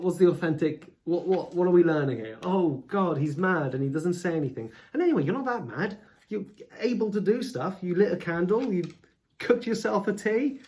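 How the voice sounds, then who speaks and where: A man thinking out loud as he reads scripture, with a rambling, self-deprecating, easygoing delivery. He wanders between quoted verses and casual asides, recorded indoors at home. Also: fairly high pitch. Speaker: video creator. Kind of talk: casual musing while reading scripture aloud.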